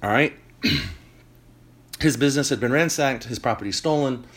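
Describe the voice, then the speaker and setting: A man hosting a talk show, delivering an animated opinion monologue with emphatic points and joking asides. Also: mid-range voice, measured pace, breathy edge. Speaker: podcast host.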